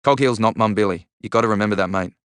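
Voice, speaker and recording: A man's voice: on the low side, fast talker, a bit bright, clear, resonant tone, no room sound, clean studio sound, lightly acted. A man voicing a blunt, easygoing young man who talks with matter-of-fact reassurance. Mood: steady.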